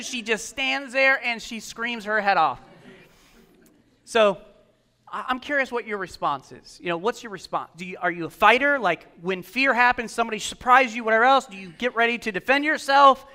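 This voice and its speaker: A middle-aged man preaching in a church, his voice high and bright. He mixes scripture with lively storytelling and puts questions to the congregation, his tone crisp and clear. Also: moderate pace. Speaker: pastor. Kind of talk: sermon.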